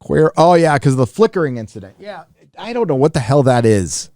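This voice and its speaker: A man's voice: on the high side, sing-song, a little fast, warm tone, no echo, clean studio sound. A man hosting a live stream, reading viewer messages in loose, casual talk with fillers, restarts and swearing.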